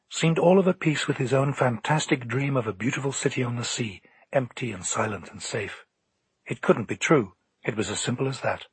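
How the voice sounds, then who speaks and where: Man, audiobook narrator, very husky voice, calm measured telling, dry close sound. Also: mid-range voice, no echo.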